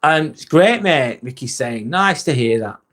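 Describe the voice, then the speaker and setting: English bloke hosting a loose live chat, jokey and crude, voice sits a little high. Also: male voice, animated, unhurried, fairly bright tone, slight background noise. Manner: sweary, joking and self-mocking. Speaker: live stream host. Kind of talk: casual live-stream chat.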